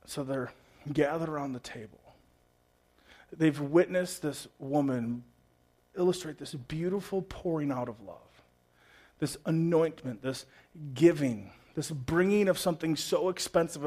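A pastor with a high-pitched voice delivers a sermon in an expressive, conversational way. He drops to near-hushed tones, then rises to loud, emphatic bursts, with casual asides along the way. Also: a little slow.

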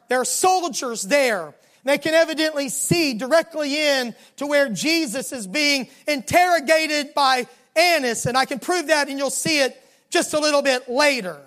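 A preacher with a Southern American accent delivering a sermon, telling the story dramatically and slowing down and dropping low for emphasis. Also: a bit bright. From Southern United States.

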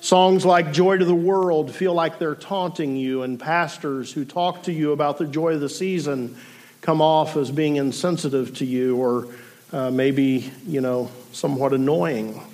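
A man in his forties, a pastor giving a sermon in an earnest, measured way with pauses and casual asides. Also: fairly high pitch, darkish tone.

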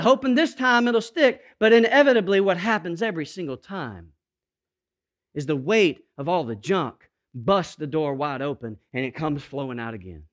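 A man preaching a sermon, moving from quiet, intimate passages to emphatic, rising calls to the congregation. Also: on the high side, animated, normal speed. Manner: dynamic preaching, swings from hushed to emphatic. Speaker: pastor.

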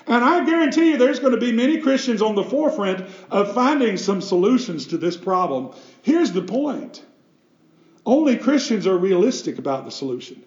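A man's voice: sits high, a little mellow, reverberant, highs cut off. A man, a pastor, preaching a sermon with emphatic delivery and rhetorical questions.

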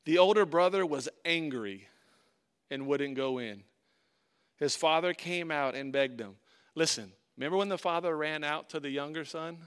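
Male pastor, fairly high voice, preaching a sermon with big swings between forceful emphasis and near-hushed lines, reading and unpacking scripture. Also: normal speed, clear, resonant tone. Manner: reads scripture aloud and comments on it.

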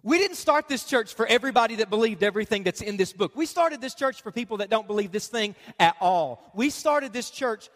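A man preaching as a pastor, lively and conversational, often putting on the voices of the people he quotes. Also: high voice, brisk, few pauses, in a large hall. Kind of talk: sermon. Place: church.

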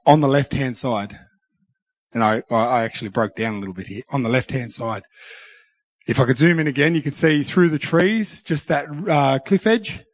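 A man sharing a personal devotional reflection, earnest and halting, often restarting his sentences. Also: mid-range voice, dry recording. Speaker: Christian speaker sharing a devotional.

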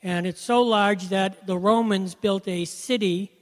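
A man's voice: high-pitched, fairly even intonation, a little slow, in a large hall. A man giving an earnest personal testimony about faith, telling it as a story and often saying "you know". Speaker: Christian speaker sharing testimony.

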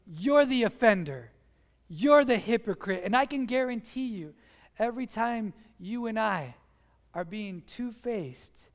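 A man preaching a sermon as pastor in a church, emphatic and full of rhetorical questions. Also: high-pitched.

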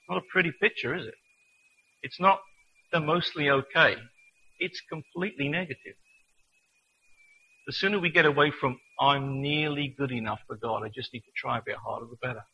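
Man, sermon, very bright tone, husky, dull lo-fi sound. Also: medium pitch. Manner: earnest, reads scripture slowly and deliberately. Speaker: preacher.

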